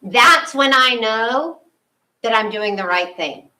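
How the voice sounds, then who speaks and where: Animated woman preaching from afar. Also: on the high side, slow pace, recorded from a distance, low-quality recording. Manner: animated, acts out her own inner thoughts. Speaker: spiritual leader. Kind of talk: conversational sermon.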